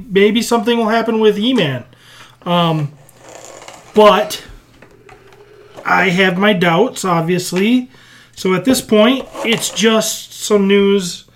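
A man co-hosting a casual podcast, rambling and blunt, often restarting his thoughts. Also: sits high. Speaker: podcast co-host.

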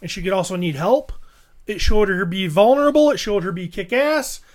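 A man with a notably high speaking voice co-hosts a loose movie review chat. He rambles, doubling up words while he hunts for the point. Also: fairly quick. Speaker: podcast co-host.

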